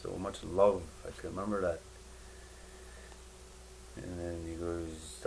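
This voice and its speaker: A man giving a personal spiritual testimony in a halting, rambling way, full of fillers and restarts. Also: low-pitched, level tone, creaky, a little mellow, slight background noise, poor audio.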